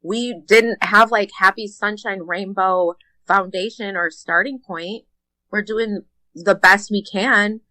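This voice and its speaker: A woman's voice: mid-range voice, fairly even intonation, slow pace, bright, forceful tone, dry recording, low-quality recording. A woman speaking as a podcast guest, earnest and open, often using "like" as filler. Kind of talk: casual conversation.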